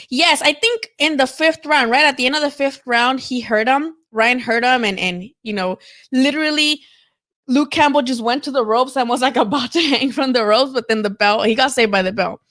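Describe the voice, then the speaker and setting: High-voiced woman talking boxing. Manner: animated, swears freely, many fillers. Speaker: boxing show host. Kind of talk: casual live-stream commentary.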